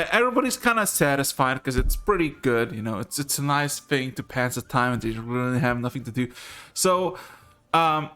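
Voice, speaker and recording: A man's voice: a little high, a bit bright, clear, resonant tone. A man narrating as game master of a tabletop game, rambling with restarts and casual swearing.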